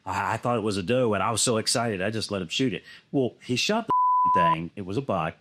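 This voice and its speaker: A man's voice: fairly low pitch, fairly quick, a little hiss or hum. A man casually telling a long hunting story, swearing often and acting out what others said. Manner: animated, swears a lot, acts out other people's lines.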